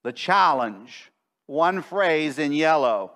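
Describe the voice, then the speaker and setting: Emphatic pastor preaching, slightly high. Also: male voice, lively intonation, pushed and bright. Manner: emphatic, slows down to stress phrases. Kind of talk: sermon. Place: church sanctuary.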